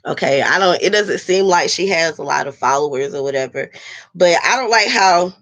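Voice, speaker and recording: A woman's voice: sits low, lively intonation, normal speed, fairly bright tone. Blunt woman chatting with her livestream viewers. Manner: blunt, profane, talks straight to her viewers. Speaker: livestream host reading chat. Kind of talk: casual livestream chat.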